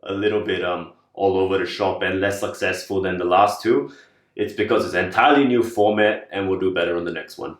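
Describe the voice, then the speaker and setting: A man's voice: deep voice, a little fast, roomy sound, far from the mic. A songwriter talking plainly about his writing in a casual interview, laughing along at jokes.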